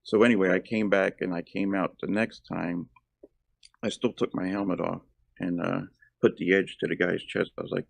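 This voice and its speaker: Low, gravelly middle-aged man chatting. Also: flat delivery, moderate pace, no echo. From South Jersey, USA. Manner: rambling, lots of ums and uhs. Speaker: actor and former firefighter, guest. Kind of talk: casual interview chat.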